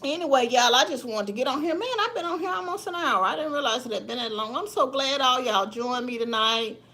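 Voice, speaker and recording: Here the Memphis-area livestream host, a middle-aged woman, talks a little fast in a high-sitting, expressive voice with a bright, forceful tone. She keeps the live chat with her viewers casual and folksy, laughing often.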